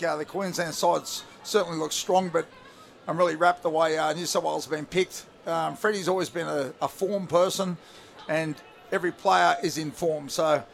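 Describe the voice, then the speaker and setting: A man's voice: a little high, fairly even intonation, moderate pace, vocal fry. A man with an Australian accent, a former player and commentator, chatting casually on radio in a laid-back way with many fillers. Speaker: rugby league commentator, studio guest.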